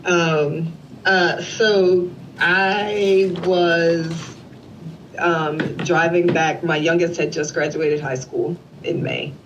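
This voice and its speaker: Against a noisy background, a woman with a fairly low pitch speaks extremely slowly. She's in her forties, a guest in an interview, animatedly telling an emotional family story and voicing the people in it. Audio quality is slightly dull lo-fi.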